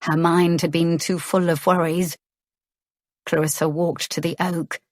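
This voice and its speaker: A woman narrating a romance audiobook in a measured, gentle storytelling manner. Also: on the low side, dry recording, studio quality.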